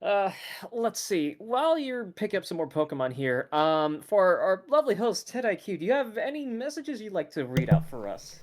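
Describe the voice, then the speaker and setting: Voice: medium pitch, very animated, normal speed. A co-commentator on a charity game stream, giggling and tripping over words.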